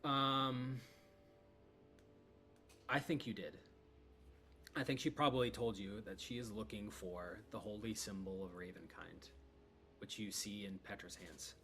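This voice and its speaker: A man's voice: on the low side, measured pace, pauses often, fairly bright tone, faint music behind. A man narrating as game master of a tabletop game, in a casual, filler-heavy way.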